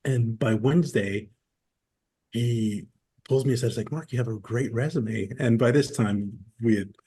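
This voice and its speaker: A man in his forties, a podcast guest, telling stories in a relaxed, casual way and acting out quoted dialogue. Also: mid-range voice, normal speed, husky. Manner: relaxed storyteller who acts out quoted dialogue. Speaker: podcast guest, former military. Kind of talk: casual interview storytelling.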